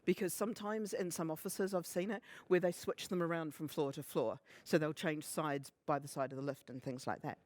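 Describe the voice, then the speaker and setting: A man in his fifties giving a conference talk, animated and humorous, often acting out other people's remarks. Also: a little high, a little fast, hardly any pauses, dry recording. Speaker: conference speaker. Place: conference stage.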